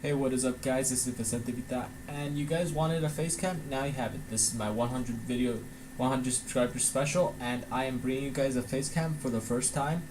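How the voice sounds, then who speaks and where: A man hosting his own channel, talking casually to his viewers in a short vlog outro. A steady hiss runs clearly under his mid-pitched voice, and he drops in the odd um. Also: brisk. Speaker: channel host.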